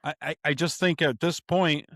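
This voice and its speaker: A man hosts a podcast from his home studio, talking casually about politics as he thinks aloud, halting, stumbling, repeating words, and chuckling often. His voice is on the high side, steady and fairly bright, in a dry recording.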